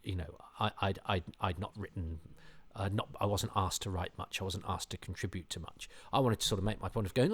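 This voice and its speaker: A man hosting a podcast, giving rambling, self-deprecating commentary with animated asides. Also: low-pitched, fairly quick, breathy edge. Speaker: podcast host. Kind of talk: casual commentary.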